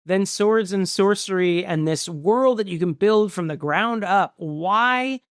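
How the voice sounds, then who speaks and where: A male podcast co-host in casual movie-review chat, ranting in an exasperated way and quick to laugh. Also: sits high, fairly bright tone, smooth, no room sound, clean studio sound.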